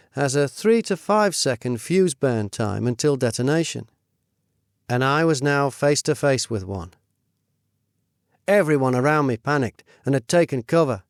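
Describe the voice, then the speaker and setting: A middle-aged man reading his own memoir in a measured, steady storytelling voice. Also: mid-range voice, dry recording, clean studio sound. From United Kingdom. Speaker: narrator. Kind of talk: first-person memoir narration.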